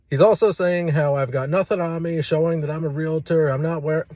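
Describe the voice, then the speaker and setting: A man, a real estate agent, casually telling a story to his viewers with lively delivery. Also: fairly high pitch, brisk, few pauses, no room sound. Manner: animated, acts out quoted lines.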